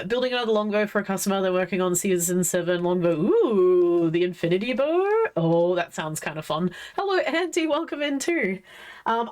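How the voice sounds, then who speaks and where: A woman hosting a livestream in a casual, rambling, giggly way. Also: medium pitch. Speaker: livestream host, leatherworker. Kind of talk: casual chat.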